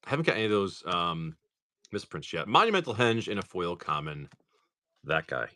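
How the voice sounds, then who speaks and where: While opening trading cards on a casual livestream, a man rambles through stories packed with "like." His voice sits low and sounds bright and forceful, very animated, at a normal speed.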